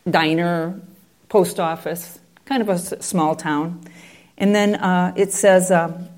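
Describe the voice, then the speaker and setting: A woman's voice: on the low side, darkish tone. A woman telling a story in a conversational way, with digressive asides. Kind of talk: oral storytelling.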